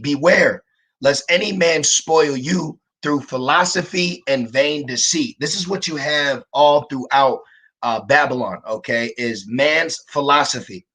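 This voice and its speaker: A man's voice: fairly high pitch, fairly bright tone, slightly rough. A man giving a livestreamed scripture lesson from his computer, hesitating often with fillers and checking in with listeners. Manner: frequent "okay" and "all right" check-ins with listeners. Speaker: religious teacher.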